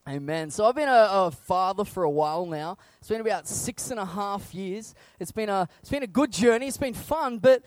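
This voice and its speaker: A young man preaching a sermon, telling funny stories about fatherhood in a lively, playful way. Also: sits high, normal speed, few pauses, dry recording. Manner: animated, humorous storytelling that acts out scenes.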